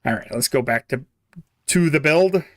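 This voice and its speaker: With a fairly high pitch, lively intonation, and moderate pace, a young man chats casually during a game live stream. The studio-quality sound has no room noise, and he rambles, chuckles frequently, and lets thoughts trail off.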